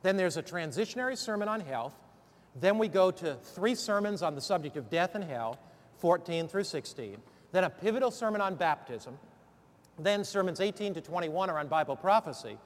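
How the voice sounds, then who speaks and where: A man's voice: sits high, expressive, normal speed. A man coaching preachers through a sermon series, then preaching the text with rousing call-and-response questions. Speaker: preacher training other preachers. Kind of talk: sermon-preparation instruction turning into preaching. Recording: long hall reverb.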